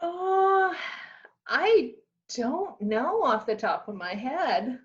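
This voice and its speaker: A woman gives short, laughing answers in a casual chat. She speaks slowly with a slightly high voice. The sound is dull and lo-fi. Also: sing-song. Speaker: guest.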